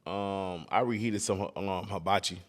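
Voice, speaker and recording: A man's voice: sits low, steady tone, a little slow. Man telling rambling stories loosely. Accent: Houston. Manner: loose storytelling, acts out his daughter's lines. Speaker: rapper guest. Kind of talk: casual interview chat.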